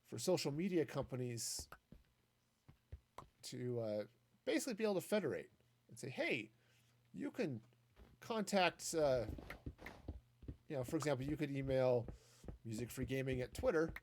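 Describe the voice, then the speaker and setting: Man, game streamer, casual rambling chat, animated pitch, faint background hiss. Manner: rambling, thinks aloud with many restarts. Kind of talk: casual commentary while gaming.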